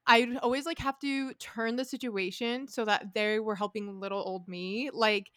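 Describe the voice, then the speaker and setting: A young woman co-hosting a podcast in casual chat, quick to react and ask follow-up questions. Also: a little high, fairly even intonation, fairly bright tone, no room sound, clean studio sound. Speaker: podcast co-host, speech therapist.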